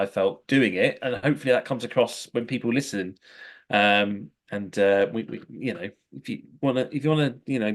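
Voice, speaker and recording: A man co-hosting a casual podcast, chatty and full of fillers and restarts. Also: medium pitch. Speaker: co-host. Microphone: headphones, remote call.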